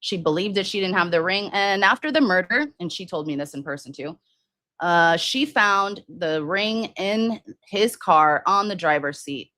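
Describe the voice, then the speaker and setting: A woman's voice: lowish voice, lively intonation, normal speed, pushed and bright, dry recording. Rambling woman hosting a crime livestream. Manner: rambling, many fillers and restarts, reads viewer comments. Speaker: livestream host. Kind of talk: casual true-crime livestream chat.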